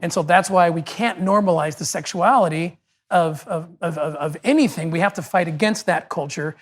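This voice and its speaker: A man's voice: on the high side, normal speed. A middle-aged man, a podcast guest, telling an emotional story in a conversational, earnest way.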